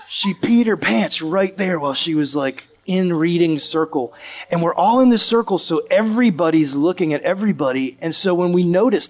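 Male preacher, high-pitched, animated sermon storyteller who acts out the voices. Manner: animated, acts out the voices of the people in his stories. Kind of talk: storytelling sermon to a live audience.

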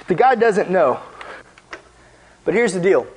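A man preaching as a youth pastor in a casual, animated, conversational way, with lots of filler words. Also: high voice, slow pace, pauses often, slight background noise, poor audio. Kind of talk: casual sermon.

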